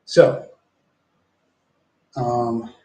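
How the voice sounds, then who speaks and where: Man, mid-pitch, rambling foul-mouthed livestream storyteller, roomy echo. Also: fairly even intonation, very slow, dark tone. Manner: rambling, profane, acts out quoted exchanges. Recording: echoey room.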